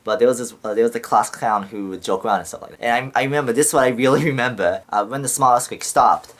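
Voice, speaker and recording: A man's voice: medium pitch, fast, fairly bright tone. Young man rambling with heavy swearing. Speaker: vlogger. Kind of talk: casual storytelling to camera.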